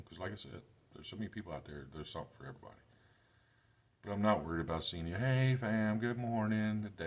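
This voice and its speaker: A man's voice: very deep voice, slightly rough. A man in his forties with grandchildren, talking casually and rambling to camera in his workshop vlog, with loose, self-deprecating grammar. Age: 40s. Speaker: YouTube creator.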